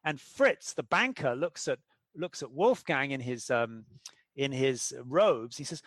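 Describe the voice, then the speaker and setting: A man's voice: medium pitch, unhurried, no room sound. A middle-aged man explaining his ideas as an interview guest, telling stories and acting out the people in them. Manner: animated storyteller, acts out quoted characters.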